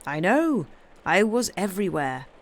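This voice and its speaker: A woman voicing an old, wise male sea urchin who gives calm advice. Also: mid-range voice, a little slow. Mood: sage. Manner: calm, knowing, sagely.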